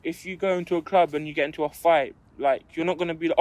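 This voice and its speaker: A man's voice: fairly high pitch, fairly even intonation, quick pace, darkish tone. A young man, co-hosting a casual podcast and telling a school story, acting out what people said. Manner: storytelling, acts out quotes in his stories. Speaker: podcast co-host. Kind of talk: casual chat.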